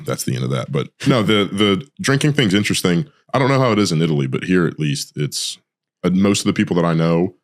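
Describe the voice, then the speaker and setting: A man hosting a casual podcast chat, joking and blunt, telling stories with profanity. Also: a bass voice. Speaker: podcast host.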